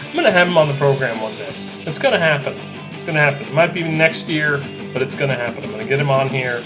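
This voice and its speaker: A man hosting his own podcast in an excitable, rambling solo monologue, often repeating himself and joking about his own eccentricity. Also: mid-range voice, quick pace, loud music behind the voice. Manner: excitable, repetitive, self-deprecating. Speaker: podcast host.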